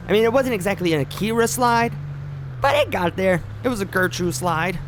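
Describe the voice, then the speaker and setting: A man's voice: sits high, lively intonation, fairly quick, background noise. A man streaming a driving game, talking in rambling, joking asides full of fillers. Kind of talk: casual gameplay commentary.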